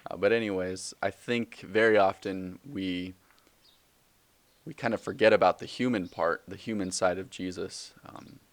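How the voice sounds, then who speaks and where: Deep-voiced young man rambling on a podcast. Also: steady tone, normal speed, no echo. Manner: rambling, joking, self-correcting with many fillers. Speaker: podcast host. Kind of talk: casual solo podcast monologue.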